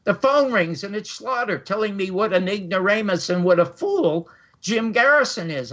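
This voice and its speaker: A man's voice: on the high side, a bit bright. An older man hosting a talk show, telling a long personal story with energy and acting out the quoted voices. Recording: dull lo-fi audio.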